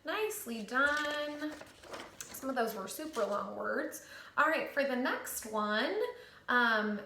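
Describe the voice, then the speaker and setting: A woman teacher leading a phonics lesson for children, reading word pairs slowly and clearly. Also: fairly high pitch, a bit bright. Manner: slow, clear word-by-word prompting. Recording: echoey room.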